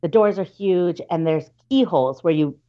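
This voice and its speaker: Woman, casual storytelling, lowish voice, chatty with fillers, slightly muffled lo-fi audio. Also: normal speed. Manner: chatty, many fillers and restarts, acts out relatives' voices.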